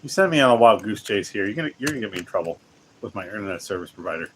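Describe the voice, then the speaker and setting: Rambling low-voiced male streamer. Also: animated, rapid-fire, noisy background. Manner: rambling, self-interrupting, laughs often. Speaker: livestream host. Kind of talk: casual livestream chat while gaming.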